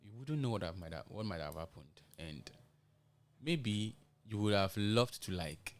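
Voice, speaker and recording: A man with a Nigerian English accent, talking in earnest and halting chat on a gospel radio show, restarting often and slipping into pidgin. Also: fairly low pitch, lively intonation.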